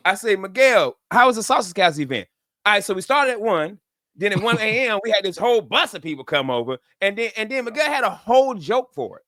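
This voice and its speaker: Bright, high-voiced comic radio host. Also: male voice, brisk, dry recording, studio quality. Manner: laughs hard, slangy and animated. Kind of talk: casual comedy radio banter.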